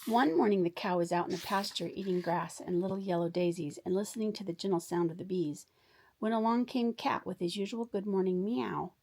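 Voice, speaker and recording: A woman reading a children's story aloud in a warm, expressive bedtime storytelling manner. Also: medium pitch, fairly quick, creaky.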